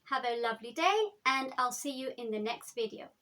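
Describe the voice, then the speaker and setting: A woman teaching the alphabet in an upbeat, encouraging lesson, spelling out letters slowly. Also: fairly high pitch, lively intonation, bright, forceful tone. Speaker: language teacher. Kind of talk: friendly language lesson.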